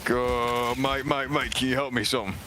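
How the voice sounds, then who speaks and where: A man with an English accent talking on in-game voice chat, gruff and mock-menacing, calling everyone mate. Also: mid-range voice, steady tone, moderate pace, noisy background. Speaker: online game teammate.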